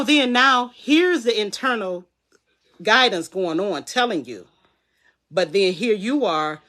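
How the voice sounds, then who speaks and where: A speaker giving a live motivational talk at a middling pitch, loose and conversational, slipping into quoted inner voices to make a point. Key phrases get repeated for emphasis, like a coach talking straight to the viewer. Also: animated, normal speed, sharp tone. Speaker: wellness coach.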